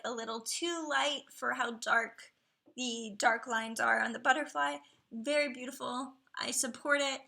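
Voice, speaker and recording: A woman chatting casually on a live stream, reviewing viewers' dragons with upbeat, playful commentary and dropping now and then into soft whispers. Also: high-pitched.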